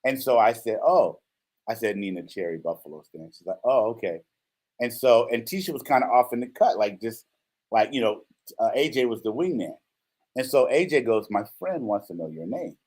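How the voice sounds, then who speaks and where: A man's voice: medium pitch, moderate pace. A man in his fifties hosting a casual show, telling a story with acted-out quotes and frequent "right?" checks. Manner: animated storyteller, acts out quotes, says "right?" often. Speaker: host.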